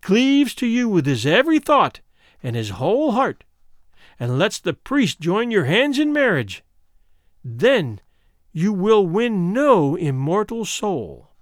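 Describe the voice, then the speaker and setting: A man's voice: sits high, big pitch swings, slow pace, no echo, studio quality, full character voice. A man voicing a scheming old sea witch. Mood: warning.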